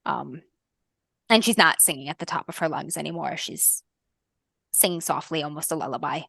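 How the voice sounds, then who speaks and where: A woman game master narrating a fantasy tabletop game in a soft, lyrical way, with frequent ums. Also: deep voice, normal speed, creaky, breathy edge, no echo, studio quality.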